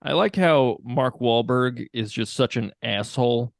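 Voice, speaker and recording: Gravelly-voiced man joking on a podcast. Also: medium pitch, unhurried, dry recording, clean studio sound. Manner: jokey, hesitant with fillers. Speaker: podcast co-host. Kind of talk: casual chat.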